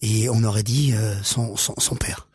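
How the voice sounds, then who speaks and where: A man's voice: on the low side, fairly even intonation, normal speed, a little mellow, breathy edge, dry recording, studio quality. A man co-hosting a French lesson podcast, eagerly offering example sentences with many restarts. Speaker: French-speaking co-host of a language podcast. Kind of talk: relaxed teaching chat.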